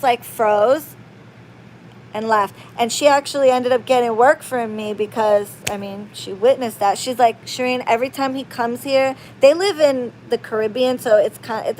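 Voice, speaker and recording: Expressive, rambling woman with a higher voice. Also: slight background noise. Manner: rambling, expressive, swings from loud outbursts to low murmurs. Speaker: spiritual practitioner and channel host. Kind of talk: casual chat to camera.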